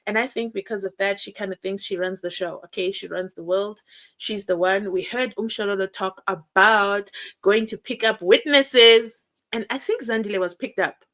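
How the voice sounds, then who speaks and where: A young South African woman hosting a live stream. She chats and reads viewer comments in an animated way, acting out quotes and laughing often. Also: mid-range voice, normal speed.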